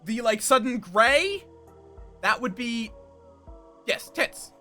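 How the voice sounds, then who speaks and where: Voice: mid-range voice, expressive, takes it slowly, pushed and bright, soft background music. A streamer giving casual, enthusiastic live commentary over a game and playfully trying out silly voices.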